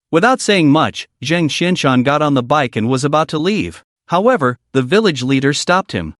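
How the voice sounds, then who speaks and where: A man's voice: on the high side, animated, moderate pace, hardly any pauses, no room sound, studio quality. A man narrating a scripted story recap in a dramatic storytelling manner.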